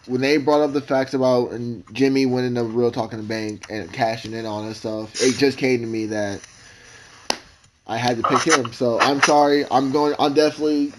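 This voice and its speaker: A man co-hosting a casual podcast, rambling and emotional, with constant halting restarts. His voice sits at an ordinary middle pitch, and a faint hiss runs under it. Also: steady tone. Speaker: podcast co-host.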